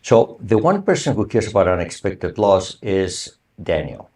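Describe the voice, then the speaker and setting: His low, darkish voice has a sing-song quality and a measured pace. As a university lecturer in an online or recorded class, he walks through the material in a conversational style, regularly asking if everyone follows.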